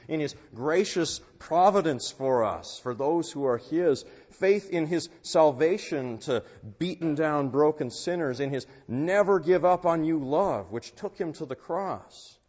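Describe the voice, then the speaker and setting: A man preaching a sermon in an earnest, unhurried way, rising in force on key phrases. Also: a little high, animated, a little mellow, husky. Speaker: pastor. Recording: dull sound with long church reverb.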